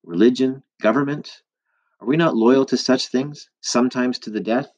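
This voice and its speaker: A man voicing a calm wise old woman. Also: medium pitch, voice pushed up, close to an everyday voice. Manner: calm, measured explaining.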